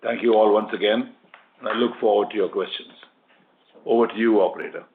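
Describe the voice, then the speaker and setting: A man, a company executive, reading formal prepared closing remarks on an earnings call. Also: on the low side. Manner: formal, measured, scripted. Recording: phone-line conference call audio.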